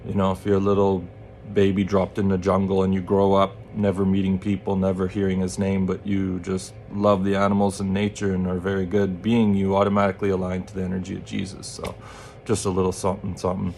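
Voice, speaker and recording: Low, flat-voiced man telling a story. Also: a little fast, vocal fry, slight background noise. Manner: candid, swears freely, loose rambling delivery. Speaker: channel host. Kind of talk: casual storytelling to camera.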